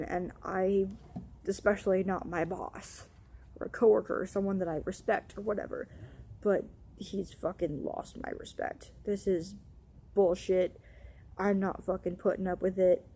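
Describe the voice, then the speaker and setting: A woman's voice: mid-range voice, dark tone, a little hiss or hum. A young woman rants in an upset, run-on way, swearing often as she tells a storytime vlog about her night. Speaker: vlogger.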